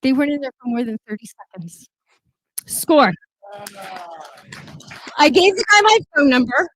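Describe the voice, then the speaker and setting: A woman speaking as a city councillor at a gala, telling an animated personal story with emphatic repetition. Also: high-pitched, moderate pace, dry recording, poor audio. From Canada. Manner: emphatic, repeats key lines.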